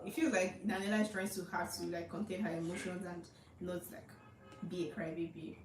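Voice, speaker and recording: Young Nigerian woman, chatty gossip recap, quick delivery, roomy distant sound. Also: fairly low pitch, flat delivery, music in the background. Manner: fast, chatty, gossipy recap with many fillers. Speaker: reality show commentator. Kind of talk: casual commentary.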